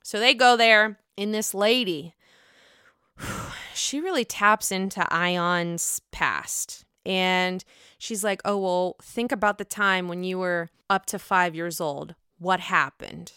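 A woman's voice: on the low side, slow, sharp tone, smooth, dry recording, studio quality. A woman casually recapping a reality show episode, chatty, sassy and freely swearing. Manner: sassy, profane, chatty commentary.

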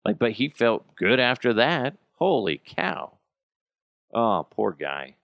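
A man's voice: lowish voice, big pitch swings, slow, gravelly, fairly bright tone, no echo, studio quality. A man in his thirties hosting a podcast, telling rambling stories in a casual, self-amused way. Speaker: podcast host. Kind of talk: casual chat.

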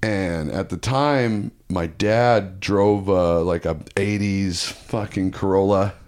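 A man with a fairly low voice tells a personal story as a podcast guest. His talk is loose and profane, full of restarts and asides as he circles through the details. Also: takes it slowly, darkish tone. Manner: profane, rambling anecdote with restarts. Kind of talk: casual storytelling.

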